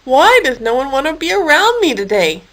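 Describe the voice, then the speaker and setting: A woman voicing a big, slow, lonely male hippo in a children's story, speaking slowly. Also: sits high, big pitch swings, a bit bright, voice pushed up, low-quality recording. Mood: sad.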